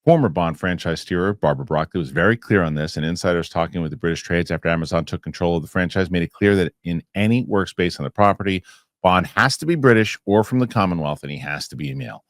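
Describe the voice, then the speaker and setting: A man's voice: low-pitched, fast talker, no room sound, studio quality. A man hosting a casual podcast, reading news items aloud and then chatting about them with his co-host.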